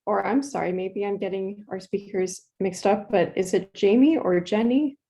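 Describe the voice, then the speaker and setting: A woman's voice: mid-range voice, moderate pace, warm tone, a little hiss or hum, poor audio. Woman hosting a club meeting. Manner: friendly, a bit flustered, unscripted. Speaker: meeting host introducing speakers.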